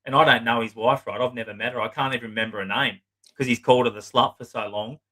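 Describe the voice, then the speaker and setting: A man's voice: mid-range voice, steady tone, fast, pushed and bright, rough recording. A middle-aged man, a psychotherapist, telling client stories in a blunt, swearing, casual way and acting out their lines. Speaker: psychotherapist guest. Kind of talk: casual storytelling interview.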